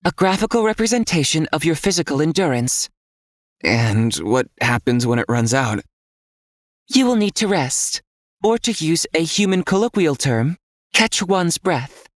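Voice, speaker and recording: A man voicing a calm female system interface that explains things in a precise, detached way. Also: a little high, measured pace, no room sound, clean studio sound, pitched above the performer's own voice. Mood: explanatory.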